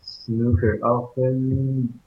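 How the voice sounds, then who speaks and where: Man from Taiwan, Mandarin native, English student, halting and unhurried; phone-like, roomy audio. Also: medium pitch, level tone. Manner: hesitant, searching for words with many fillers and restarts. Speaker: language student. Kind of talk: online English conversation lesson. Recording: echoey, tinny call audio.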